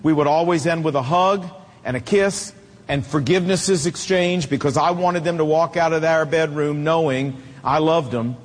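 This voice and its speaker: A man's voice: fairly high pitch, moderate pace, long reverb tail. A middle-aged man preaching a sermon, emphatic and telling stories with acted quotes.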